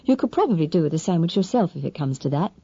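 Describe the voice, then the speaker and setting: A woman voicing a spirited young woman who speaks in a brisk, coaxing and firm way. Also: low voice, big pitch swings, warm tone, slightly rough, no room sound, lo-fi sound, heavily acted. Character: spirited young Englishwoman, kind but firm.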